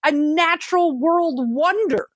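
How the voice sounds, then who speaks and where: A woman's voice: high voice, measured pace, no room sound. A woman co-hosting a podcast in casual comedic chat, riffing sardonically and swearing. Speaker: podcast co-host.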